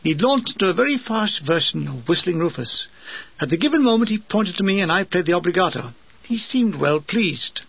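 A man narrating his war memoir with dry, deadpan comic asides. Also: sits high, fairly quick, gravelly, slightly rough. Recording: dull lo-fi dry recording.

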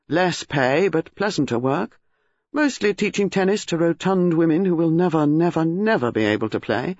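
Guy doing a careless young charmer, kinda high, dry sound. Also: no room sound, highs cut off. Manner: careless, offhand. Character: young male dance and tennis pro, careless and charming.

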